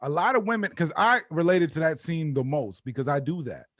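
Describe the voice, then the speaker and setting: A man's voice: on the high side, big pitch swings, a little fast, fairly bright tone, no echo, clean studio sound. A man co-hosting a casual film-review chat over a video call, blunt and profane, cutting in with personal anecdotes. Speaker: podcast co-host reviewing a film. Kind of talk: casual group discussion.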